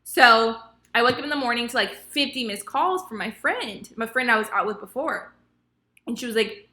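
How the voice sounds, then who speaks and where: Bright-voiced young woman telling a story. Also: on the high side, normal speed. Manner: animated, acts out quotes of others. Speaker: vlogger. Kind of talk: casual storytime. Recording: echoey room.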